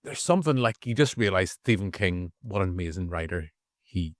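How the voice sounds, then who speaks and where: A man's voice: deep voice, a little fast, dry recording. Chatty Northern Irish man, dry mic. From Northern Ireland. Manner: rambling, restarts, animated asides. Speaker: podcast co-host. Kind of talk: casual movie review chat.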